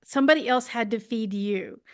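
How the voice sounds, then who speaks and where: A woman's voice: on the high side, moderate pace. A woman who hosts the show and works as a hypnotherapy practitioner, chatting loosely with fillers. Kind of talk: casual group talk.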